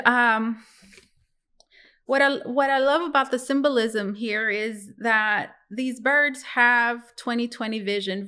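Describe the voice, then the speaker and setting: A woman's voice: fairly high pitch, pushed and bright, clean tone. A woman reading tarot cards for her viewers in a casual, musing way, talking to them as guys. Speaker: tarot reader.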